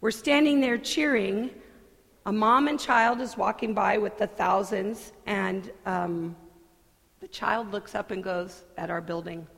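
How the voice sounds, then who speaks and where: A woman pastor delivering a sermon in a church sanctuary, earnest and deliberate, with conversational asides. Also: medium pitch, creaky, fairly bright tone. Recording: long hall reverb.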